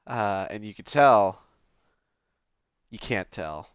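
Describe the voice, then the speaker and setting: A man's voice: on the low side, expressive, slow, smooth, dry recording. A man with a mild Massachusetts accent giving casual, jokey and profane commentary as he plays a video game. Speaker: let's play host.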